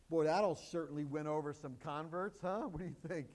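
A man's voice: on the high side, normal speed, hardly any pauses, darkish tone. A man preaching a sermon, mixing conversational asides and rhetorical questions with emphatic, rising exclamations. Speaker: pastor.

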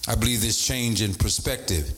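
A man preaching a sermon as bishop, repeating points and rising into sing-song emphasis. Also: moderate pace. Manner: animated, swoops from low to high pitch, sing-song emphasis.

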